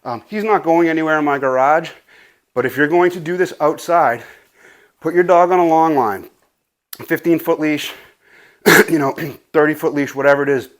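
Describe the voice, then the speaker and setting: A man's voice: on the high side, moderate pace, long pauses. A man, a dog trainer, giving casual instructions in his garage, loose and a bit profane, out of breath from play. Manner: loose, profane, says "right?" a lot. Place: home garage.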